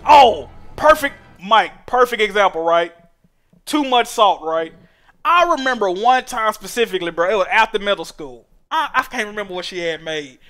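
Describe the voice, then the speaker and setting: A young man streaming a game, telling stories in animated, profane slang. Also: high-pitched, normal speed. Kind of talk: casual chat while gaming.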